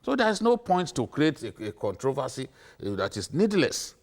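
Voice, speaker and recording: A man's voice: medium pitch, big pitch swings, moderate pace. A middle-aged man with a Nigerian accent, arguing emphatically and repeating his points on a TV studio panel. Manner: emphatic, repetitive, lecturing.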